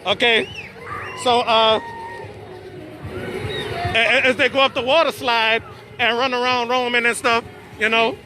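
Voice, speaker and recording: A man with a very high-pitched voice and fairly even intonation hosts a casual live stream at an outdoor birthday party, speaking a little slowly with long pauses. Chatty, he stammers and repeats words. Background noise from party music, a crowd and children comes through his outdoor phone recording.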